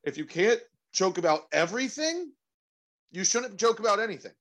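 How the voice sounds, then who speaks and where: A man co-hosting a casual comedy podcast, animated and profane, laughing a lot. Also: high voice, fairly quick. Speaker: podcast co-host.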